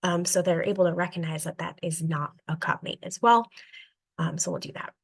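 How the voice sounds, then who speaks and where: An elementary world language teacher chats casually about her reading strategies, acting out classroom exchanges and leaning on plenty of fillers. Her voice is lowish, gravelly and slightly breathy, with a steady tone and a fairly quick pace.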